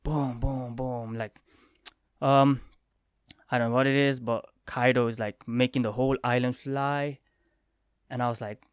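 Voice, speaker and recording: A young man chats through a review of a comic chapter, mid-pitched and excitable, bursting into quoted lines and sound effects. His voice is dry and close, with no room around it. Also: unhurried, long pauses, clean tone, dry recording. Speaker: manga review vlogger. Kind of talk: casual spoken review.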